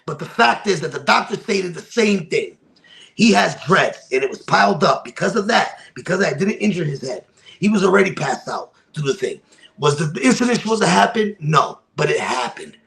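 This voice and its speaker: A man's voice: fairly high pitch, very animated, moderate pace, gravelly, a bit bright, low-quality recording. A man, a guest on a podcast, tells a dramatic personal story with emphasis and repeated phrases. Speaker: podcast guest from a wrestling promotion.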